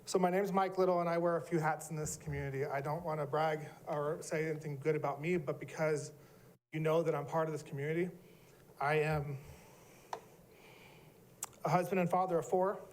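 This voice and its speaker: A man's voice: on the high side, fairly even intonation, fairly quick, slight background noise. A middle-aged man giving an emotional, earnest public comment at a city planning meeting.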